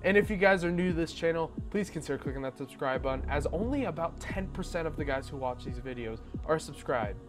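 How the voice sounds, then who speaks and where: A man's voice: a little high, lively intonation, a little fast, hardly any pauses, music in the background. Young man ranting through a movie reaction. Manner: blunt, swears, gets loud and worked up. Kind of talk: casual reaction commentary.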